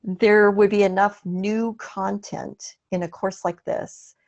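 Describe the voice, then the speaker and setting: A woman from Portland, Oregon, asking a thoughtful, hesitant question during a webinar, with many pauses and fillers. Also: mid-range voice, level tone, a little mellow. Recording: lo-fi webinar audio.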